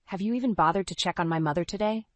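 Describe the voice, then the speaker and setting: A woman's voice: on the low side, fast talker, no room sound, pitched above the performer's own voice, natural voice. A woman voicing a scornful angry husband. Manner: sneering, shouting. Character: angry contemptuous middle-aged husband.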